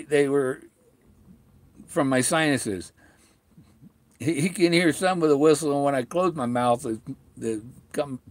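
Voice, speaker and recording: A middle-aged man chatting on a home livestream, halting and full of restarts, talking with a sore mouth after tooth extractions. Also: mid-range voice, dry recording. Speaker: vlogger talking to live viewers. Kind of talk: rambling casual livestream chat. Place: at home, indoors.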